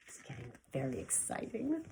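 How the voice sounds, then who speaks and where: Lively woman reading a picture book aloud. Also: moderate pace, vocal fry, a little hiss or hum. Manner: animated storytelling, voice rising high for counting. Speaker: preschool teacher.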